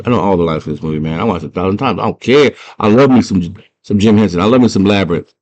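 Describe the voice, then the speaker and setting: Deep-voiced slangy man recapping a movie. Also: fast talker, highs cut off. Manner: slangy, animated storyteller. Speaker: movie fan retelling a film.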